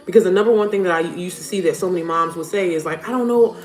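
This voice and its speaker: A woman's voice: on the low side, steady tone, rapid-fire. Chatty blunt woman livestream host. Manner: chatty, blunt, swears casually, addresses viewers as y'all. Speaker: livestream host and mom business coach. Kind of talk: casual livestream chat. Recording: roomy home livestream with faint music.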